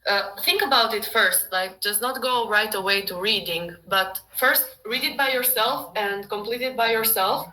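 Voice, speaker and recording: A woman's voice: mid-range voice, normal speed, hardly any pauses, bright, forceful tone, poor audio. A woman tutoring a student on a video call, patient and encouraging, correcting his pronunciation. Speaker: language tutor. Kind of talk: casual online tutoring.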